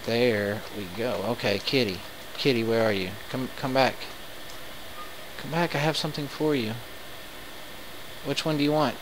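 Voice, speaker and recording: A man commenting live on his game, excitable and quick to swear in frustrated outbursts. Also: medium pitch, background noise. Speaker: let's play gamer.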